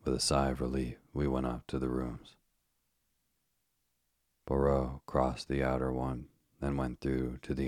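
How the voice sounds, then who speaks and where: A man reading a first-person story aloud in a measured, steady way. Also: rumbling low, no echo, studio quality. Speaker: audiobook narrator. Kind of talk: scripted first-person narration.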